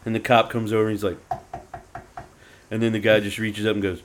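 A man's voice: fairly low pitch, level tone, heavy background noise. A man in a casual chat, cracking jokes and retelling a funny scene. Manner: joking, quick quips.

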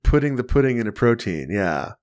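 A man hosting a podcast in casual chat, wry and joking, quick to laugh. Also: mid-range voice, sing-song, darkish tone. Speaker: podcast host.

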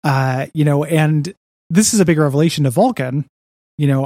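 A man's voice: fairly high pitch, normal speed, dark tone, no echo, studio quality. A man co-hosting a podcast, recapping a comic book in casual, rambling chat full of "you know" and "like". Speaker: podcast co-host.

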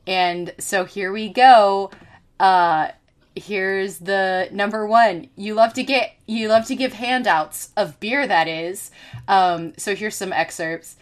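A woman hosting a chat show reads an article aloud in her ordinary mid-range voice. She stumbles, restarts and fills pauses with ums as she goes. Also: medium pitch. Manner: halting, lots of ums and self-corrections.

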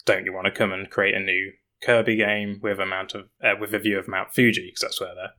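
Man, podcast co-host, chatty, restarts words, lowish pitch, bright edge. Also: little pitch movement, a little fast. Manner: chatty, restarts words while recalling details. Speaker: podcast co-host and news writer. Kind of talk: casual gaming podcast chat.

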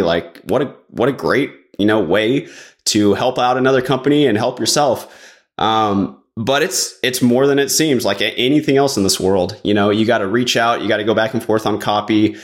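A man's voice: on the low side, moderate pace. A man chatting casually as a podcast guest, rambling along with lots of "like" fillers. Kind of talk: casual chat.

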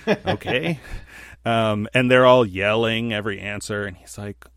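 A man with a fairly low voice, chatting casually on a podcast. He rambles and fills pauses with ums and you-knows, and gets animated when retelling something funny. The sound is close and dry. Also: no room sound. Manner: rambling, animated storyteller with many fillers. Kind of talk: casual chat.

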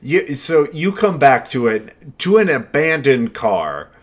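A man's voice: mid-range voice, big pitch swings, slow. A man co-hosting a podcast, talking about a movie in a joking, playful way. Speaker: podcast co-host. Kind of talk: casual chat.

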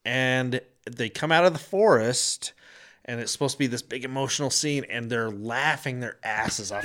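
A man's voice: mid-range voice, moderate pace, fairly bright tone. A man telling a story in casual chat, laughing often and acting out quoted lines.

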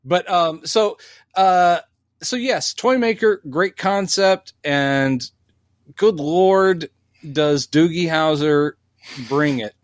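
Animated man with a dry, close sound. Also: a little high, slow, no echo. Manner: animated, acts out quotes in voices. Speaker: podcast co-host. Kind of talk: casual pop-culture chat.

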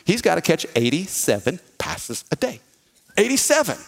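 Lively preacher man. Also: fairly high pitch, moderate pace, gravelly. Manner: lively preaching with call-and-response. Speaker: pastor. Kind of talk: sermon.

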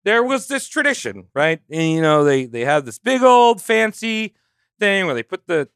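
A man's voice: high-pitched, sing-song, normal speed, creaky, fairly bright tone, smooth, dry recording, clean studio sound. A man on a comedy podcast, retelling history in a loose, joking way full of "like" and "you know.". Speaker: podcast co-host telling history. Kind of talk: casual comedic history storytelling.

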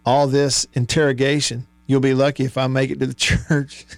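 A man's voice: mid-range voice, little pitch movement, normal speed, no echo. A man hosting a sports talk radio show, reading listener texts aloud and chuckling often. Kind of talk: casual call-in radio chat. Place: radio studio. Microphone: studio microphone.

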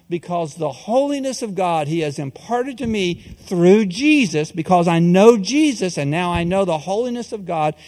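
Male pastor, higher voice, folksy animated sermon delivery, heavy hall reverb. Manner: animated, folksy preaching with coach-style pep talk.

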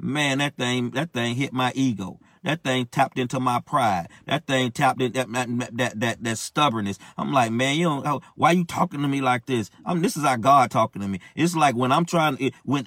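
A man's voice: medium pitch, moderate pace, few pauses, fairly bright tone, no room sound, studio quality. A man preaching a sermon, urging listeners with impassioned, repetitive exhortation.

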